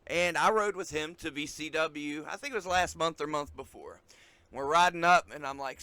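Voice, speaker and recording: A man's voice: on the high side, moderate pace, bright, forceful tone, no room sound. A man hosting a podcast in casual chat, enthusiastic and swearing freely as he tells a story. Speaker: podcast host.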